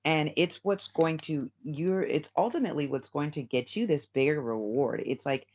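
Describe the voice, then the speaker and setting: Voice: medium pitch, moderate pace, a little mellow. A tarot reader hosting a casual spiritual reading for viewers, rambling and repeating phrases with many fillers. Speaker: tarot reader, channel host. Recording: slightly dull lo-fi sound with faint hiss.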